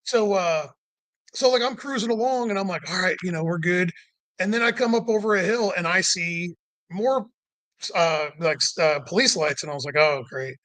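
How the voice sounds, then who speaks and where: A man's voice: sits high, expressive, normal speed, a bit bright, dry recording. A man casually telling a long road trip story, full of "like" and "you know", acting out what people said. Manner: rambling, many "like" and "you know" fillers; acts out quoted people with rising voice.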